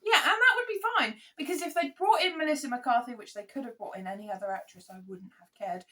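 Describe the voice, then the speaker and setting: A woman co-hosting a podcast in casual chat, animated and exasperated as she rants. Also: high voice, fast talker. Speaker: podcast co-host.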